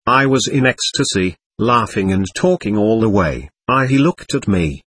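A male narrator reads a classic novel aloud in the first person, with an earnest and expressive manner. His voice is slightly husky and his pitch moves a great deal from line to line. The recording is dry and close. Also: normal speed, no room sound.

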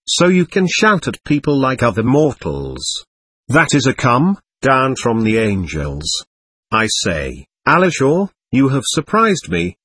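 A man's voice: mid-range voice, fairly bright tone, breathy edge, exaggerated voice. A man reading an audiobook and voicing an ironic, teasing young male seminarian.

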